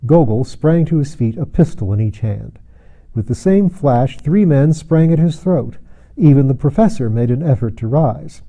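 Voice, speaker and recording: Dark-voiced man reading a novel aloud. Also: medium pitch, expressive, rough recording. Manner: measured reading, acting out dialogue. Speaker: audiobook narrator. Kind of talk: scripted narration.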